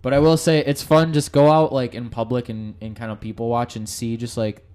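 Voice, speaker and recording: A young man co-hosting a casual chat, animated and profane, laughing often as he talks. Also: medium pitch, fairly quick, clear, resonant tone.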